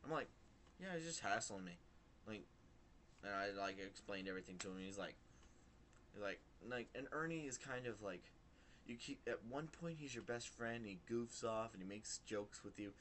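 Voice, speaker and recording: A young man vlogging, retelling a work story in a rambling, animated way with lots of fillers. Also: lowish voice, moderate pace, a little hiss or hum. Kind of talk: casual storytelling to camera.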